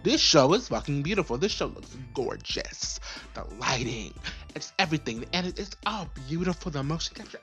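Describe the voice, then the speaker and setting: A woman's voice: deep voice, very animated, moderate pace, a bit bright, husky, soft background music. A young woman casually reviewing an episode, chatty and profane, with many fillers and repeats. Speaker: video reviewer. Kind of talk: casual recap and commentary.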